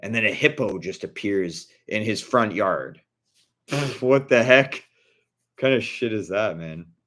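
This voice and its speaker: A man with a very deep voice rants casually to his viewers. He speaks bluntly and indignantly, swearing freely. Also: a little slow, fairly bright tone. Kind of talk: casual vlog rant.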